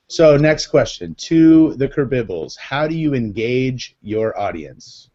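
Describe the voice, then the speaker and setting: A man's voice: medium pitch, animated, normal speed, few pauses, dark tone, dull audio. Playful man hosting a live chat. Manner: playful, teasing. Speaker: host.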